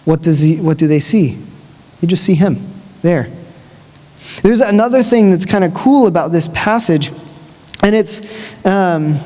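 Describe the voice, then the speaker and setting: A man with a high voice delivers a sermon in a large church. He tells the story casually, with lively, conversational asides. His voice carries a long reverb that rings around the hall. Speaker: preacher.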